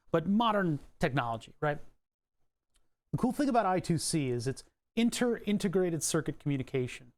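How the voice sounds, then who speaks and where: A man live-streaming from his desk, casually explaining electronics in a rambling, profane way. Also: a little high. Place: desk at home.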